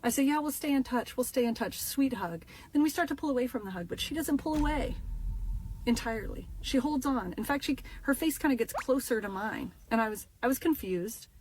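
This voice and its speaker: A woman's voice: fairly high pitch, a little fast, a little hiss or hum. Young woman telling a punchy comedic story. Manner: animated, punchy, dramatic asides. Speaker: storyteller in a social media video.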